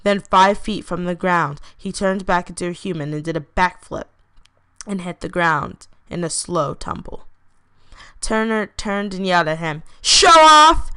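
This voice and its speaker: A woman reading her own fantasy story aloud, plainly and unhurried, pausing to correct herself. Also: lowish voice, fairly bright tone, smooth, dry recording.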